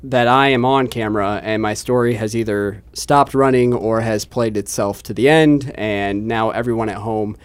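A man's voice: on the low side, normal speed, hardly any pauses, clear, resonant tone. Chatty male news reporter telling a story. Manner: chatty storyteller, self-deprecating, many restarts. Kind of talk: casual chat, telling an anecdote.

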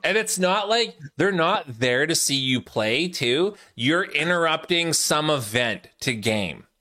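Bright-voiced teasing male podcast host. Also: on the high side, expressive, measured pace. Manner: laughing, teasing, sets up games. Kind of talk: casual chat.

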